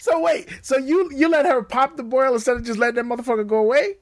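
A man in his thirties co-hosting a casual, crude podcast chat, animated and joking. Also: very high voice. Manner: animated, joking, quick rises into laughter. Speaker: podcast co-host.

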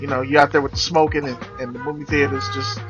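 A man hosting a casual podcast, teasing and joking loudly with plenty of profanity. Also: on the high side, level tone, quick pace, dull audio, over music. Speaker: podcast host. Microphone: remote call.

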